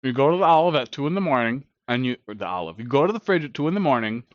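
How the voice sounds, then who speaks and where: A man's voice: medium pitch, lively intonation, rapid-fire, no echo. A man hosting a casual cooking live stream, chatting bluntly and profanely while he eats, heard on dull lo-fi stream audio.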